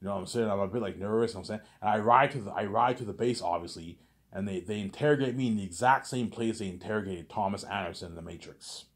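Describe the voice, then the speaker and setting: A man with a fairly low voice tells a long, rambling story in a casual monologue. He stumbles over repeated words and keeps tagging his sentences with filler questions. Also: quick pace. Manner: stammering repetitions, constant filler tags.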